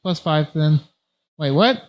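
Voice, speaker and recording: A man's voice: a little high, lively intonation, slow, a little hiss or hum. Unsure young man playing a tabletop game. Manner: unsure, fumbling with numbers. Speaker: player. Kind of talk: casual tabletop play.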